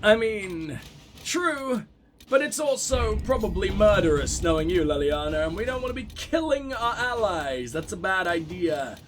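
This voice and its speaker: High-voiced sweary gaming commentator. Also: male voice, expressive, normal speed. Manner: crude, sweary, sarcastic running banter. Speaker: gaming video host. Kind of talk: casual let's play commentary.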